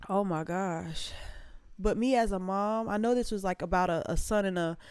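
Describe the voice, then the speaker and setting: A woman's voice: mid-range voice, fairly quick, a little mellow, smooth, dry recording, clean studio sound. A young adult woman hosting a reaction video, chatting casually and with heart, talking straight to her viewers. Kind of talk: casual emotional reaction chat.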